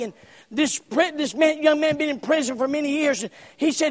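A man preaching a sermon in a folksy manner, moving from low, slow talk to loud shouting. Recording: long hall reverb.

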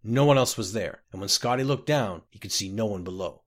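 A man narrating a fantasy story aloud in a measured, expressive way. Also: fairly low pitch. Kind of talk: audiobook narration.

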